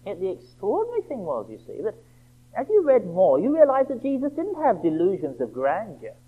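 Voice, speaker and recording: A man preaching a sermon, emphatic and rhetorical, slowing right down for quoted scripture. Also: high-pitched, huge pitch swings, slightly rough. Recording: tinny phone-like band.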